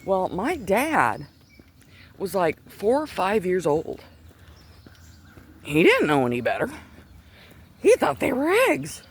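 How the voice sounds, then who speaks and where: A middle-aged faith vlogger speaks in a high, slightly rough voice with huge pitch swings, slow delivery, and long pauses. He is walking outside on a chilly day, a little out of breath, earnestly rambling through a personal faith story with many restarts, recorded on a Bluetooth earpiece.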